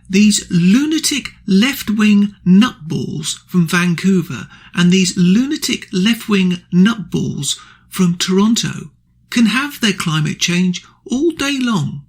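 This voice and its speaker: A man hosts a radio show, ranting through an indignant opinion monologue. His voice sits fairly high for a man. It has a rough, gravelly texture and a husky grain. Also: a bit bright. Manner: ranting, indignant, blunt insults. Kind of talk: angry political opinion monologue.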